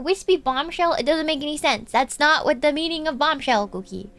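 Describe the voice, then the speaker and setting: Bright high-pitched woman streamer. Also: fairly quick. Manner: chatty, calls viewers "Cookie", trails off softly at phrase ends. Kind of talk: casual livestream chat, reading viewer donations. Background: faint background music.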